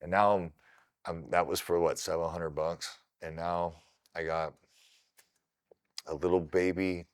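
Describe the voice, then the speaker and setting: A middle-aged man from Ohio recounts his fights in a loose, animated podcast chat, swearing freely as he goes. His voice sits deep and low, with a smooth, resonant tone. The sound is dry and close to the mic. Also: unhurried, long pauses, no room sound. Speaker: podcast guest, kickboxer. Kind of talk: casual storytelling.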